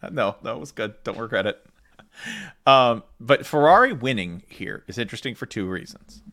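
A man's voice: medium pitch, animated, moderate pace, sharp tone. Joking, rambling male podcast co-host. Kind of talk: casual chat.

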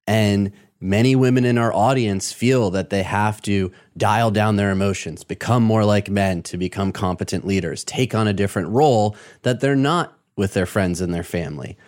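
A man hosting a podcast, asking a guest questions in a measured, deliberate way. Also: fairly low pitch, a little mellow. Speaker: podcast host. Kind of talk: interview questions.

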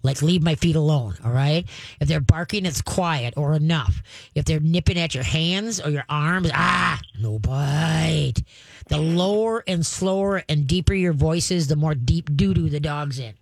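A woman's voice: low voice, moderate pace, a little mellow, no room sound. A woman hosting a call-in radio show about dogs, giving training advice and acting out growls and dog voices as she talks.

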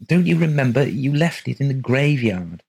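A man reading aloud, voicing an anxious middle-aged wife in a high, plaintive, fretful tone. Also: big pitch swings, moderate pace, creaky, a little mellow, husky, full character voice. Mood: sleepy.

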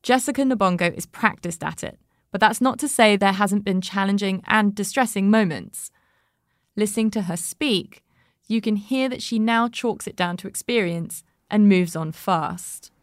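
A woman hosting, narrating in a measured, reflective way between interview segments and asking questions. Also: medium pitch, dry recording, studio quality. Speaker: host, interviewer.

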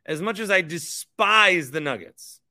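A man's voice: high-pitched, lively intonation, a little slow, pushed and bright. A young man hosting a sports podcast, ranting in a heated, repetitive way in casual talk. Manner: heated, ranting, repeats himself. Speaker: podcast host.

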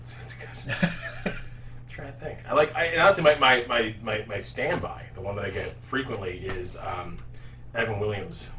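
A man's voice: on the low side, moderate pace. Chatty male guest, distant mic, roomy sound with faint noise. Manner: rambling with restarts, dry joking. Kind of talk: casual chat.

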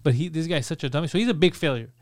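A man's voice: fairly high pitch, racing, dry recording. A man, casually telling a family story on a podcast and swearing freely. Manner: animated storyteller, swears freely, acts out quotes. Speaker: podcast co-host.

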